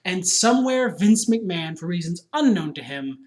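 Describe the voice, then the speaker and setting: A man's voice: high voice, sing-song, moderate pace, a little mellow. A man co-hosting a podcast in casual chat, opinionated and ranting, swearing freely. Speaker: podcast co-host.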